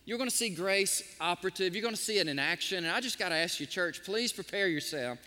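A man pastor preaching a sermon, telling stories in an animated, emotional way. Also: high-pitched, fast talker, big-room sound. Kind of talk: sermon with storytelling. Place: church sanctuary.

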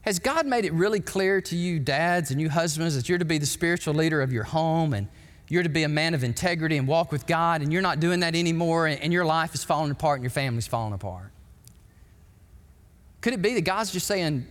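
Male pastor, sermon, higher register, emphatic storytelling delivery, reverberant sanctuary. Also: brisk. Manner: emphatic storytelling preacher, bursts into excited acted quotes. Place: church sanctuary. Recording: long hall reverb.

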